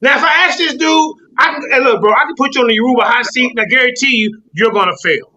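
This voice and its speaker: A man argues heatedly in a notably high, bright, forceful voice. He keeps insisting that no one interrupt him. The sound is dull and lo-fi, like call audio. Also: fast talker. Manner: combative, repeatedly insisting he not be interrupted. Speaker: debater on a call-in panel. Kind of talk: heated argument.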